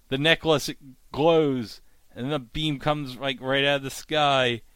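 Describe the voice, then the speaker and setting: Slow, bright-voiced man recapping a show. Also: mid-range voice, no room sound. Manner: animated retelling, acting out lines in quick bursts. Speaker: podcast host. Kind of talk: casual episode recap.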